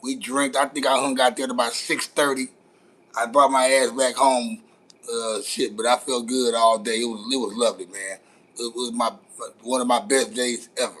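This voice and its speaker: A man's voice: mid-range voice, level tone, moderate pace, a bit bright, rough recording. Young man, casual chat, loose profane street talk, calls out to viewers.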